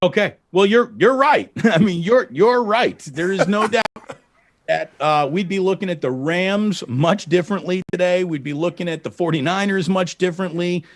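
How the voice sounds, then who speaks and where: Male sports radio guest, high voice, dry close sound, animated storyteller. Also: normal speed, dry recording. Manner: animated storyteller, laughs often. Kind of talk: sports talk interview.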